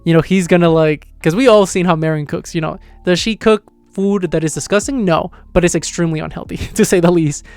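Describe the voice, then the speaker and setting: A man with a slightly high, smooth and resonant voice excitedly recaps a story in a loose, casual way. His talk rambles with plenty of fillers and quick restarts. The sound is dry and close, with soft music faintly underneath. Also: no echo. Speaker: manga reviewer. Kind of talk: casual reaction review.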